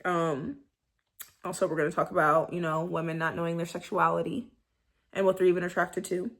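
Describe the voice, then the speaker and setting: A young woman talking in a candid, slangy vlog monologue, animated and sometimes dropping into soft breathy whispers. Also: fairly low pitch, a little fast. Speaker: vlogger.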